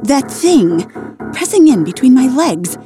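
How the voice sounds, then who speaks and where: A woman's voice: sits high, big pitch swings, measured pace, music in the background, voice pushed up. A woman playing a hissing vampire. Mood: scornful. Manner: hissing, scornful. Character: old haughty female vampire, hissing predator.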